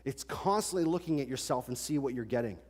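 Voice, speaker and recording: A man in his twenties preaching a sermon, animated and conversational, full of rhetorical questions. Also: mid-range voice, fast. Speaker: pastor. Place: large church hall. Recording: long church hall reverb.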